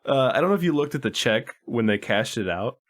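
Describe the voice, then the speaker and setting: Brisk and expressive, this medium-pitched man co-hosts a movie podcast full of casual review chat. He's relaxed and swears freely, frequently starting his sentences over.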